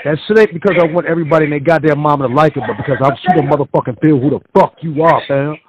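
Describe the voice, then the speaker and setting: A man hosting a podcast in casual chat, hyped and profane, leaning hard on his words. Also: on the high side. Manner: profane, hyped, drawn-out emphasis. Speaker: podcast host. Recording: muffled with a crowd behind.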